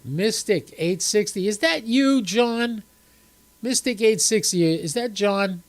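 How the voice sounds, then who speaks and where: A man's voice: high-pitched, takes it slowly. Chatty older man, a bit stuffy. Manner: rambling, chatty, talks to viewers in chat. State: stuffy from a cold. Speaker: ham radio livestream host. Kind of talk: casual live-stream chat. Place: home room, seated on camera.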